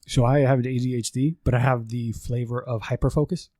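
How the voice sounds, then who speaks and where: A man hosting a podcast, talking quickly in a relaxed, rambling way and swearing freely. His voice sits at a middle pitch and comes across close and dry, with no room sound around it. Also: no echo. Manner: profane, laughing, rambling. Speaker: podcast host. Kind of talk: casual chat.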